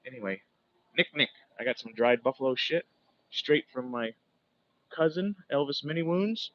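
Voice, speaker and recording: Dude from alaska whittling on a livestream, swears a ton, rambles, dull lo-fi phone sound. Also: male voice, mid-range voice, animated, normal speed, a bit bright, slight background noise. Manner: profane, rambling storytelling. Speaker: livestream host. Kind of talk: casual livestream chat while whittling. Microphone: phone set far from him.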